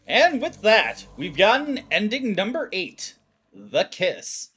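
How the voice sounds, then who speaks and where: A woman's voice: medium pitch, sing-song, slow, fairly bright tone, breathy edge, soft background music. A woman hosting a let's play, giving casual, wry, self-deprecating commentary on the game.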